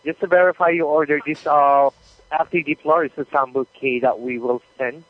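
A customer service supervisor speaks on a tinny, dry phone line, his fairly high-pitched voice steady and his pace moderate. He is polite and patient, with hesitant fillers.

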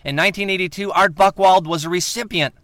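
A man delivering a mock news report as a correspondent, with a clipped, bright delivery. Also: sits high, fairly even intonation, fast talker, no echo.

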